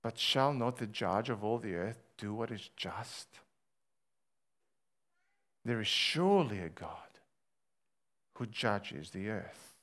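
Man, pastor, sermon, slow delivery, emphatic, dramatic loud and soft swings. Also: on the low side, expressive. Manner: slow, emphatic preaching with dramatic rises and hushed drops.

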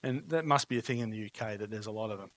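A man's voice: on the low side, very fast, a bit bright. Man preaching a conversational sermon. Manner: storytelling, emphatic, conversational with frequent "right?". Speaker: pastor.

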